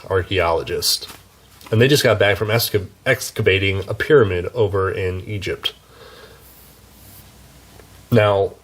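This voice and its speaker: A man reviewing books in a casual, chatty way, with wry asides and frequent self-corrections. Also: fairly low pitch. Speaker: book reviewer. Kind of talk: casual book review talk.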